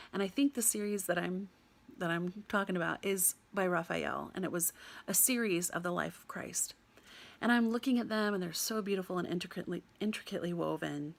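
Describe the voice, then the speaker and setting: Young American woman, storyteller; slight vocal fry, lively delivery with frequent laughter. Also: on the low side. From United States. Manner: animated, laughs often, mimics other people. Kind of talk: personal storytelling.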